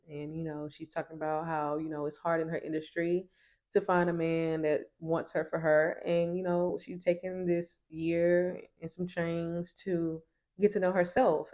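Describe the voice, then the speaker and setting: A woman's voice: deep voice, mellow. A woman reviewing a TV show in a casual recap, sassy and emphatic.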